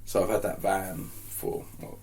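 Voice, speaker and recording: A man's voice: low voice, very animated, measured pace, creaky, a little mellow, a little hiss or hum. Portsmouth man, joking podcast banter. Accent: Portsmouth English. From Portsmouth, England. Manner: joking, laughs often, playful. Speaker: podcast host. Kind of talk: casual drinking podcast banter.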